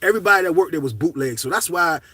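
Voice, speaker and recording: Middle-aged man, loose profane storytelling vlog, husky bright voice, slightly distant mic. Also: on the high side, racing, no echo. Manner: animated, profane, shouts at peaks of the story. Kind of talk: casual storytelling to camera.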